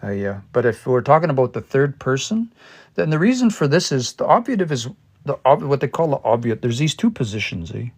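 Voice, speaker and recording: Very animated and a little fast, this man has a medium-pitched, slightly mellow voice. He's a language learner teaching a relaxed livestream lesson, reasoning out loud, spelling words letter by letter and patiently walking through examples.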